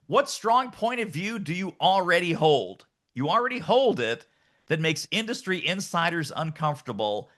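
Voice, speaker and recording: Middle-aged male podcast guest, emphatic and lively, bright tone, pitched a touch high. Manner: emphatic, animated, acts out quoted voices. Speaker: guest author and sales coach. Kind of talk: energetic podcast interview.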